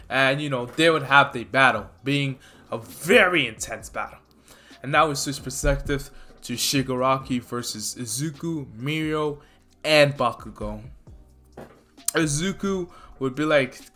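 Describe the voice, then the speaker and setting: A man casually retelling a fan story, rambling excitedly and tripping over names. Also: mid-range voice, measured pace, soft background music.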